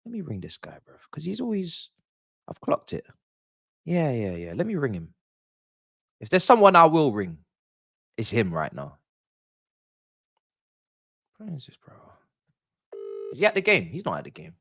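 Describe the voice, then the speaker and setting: A man's voice: mid-range voice, huge pitch swings, normal speed, gravelly, pauses often, fairly bright tone, breathy edge, no room sound. A young man hosting a live football watch-along, ranting in exasperation and slang.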